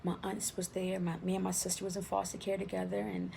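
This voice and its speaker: A woman's voice: on the low side, big pitch swings, fast, gravelly, warm tone, slight background noise. A woman and former teacher telling a personal story in a conversational way, often checking in with "right?".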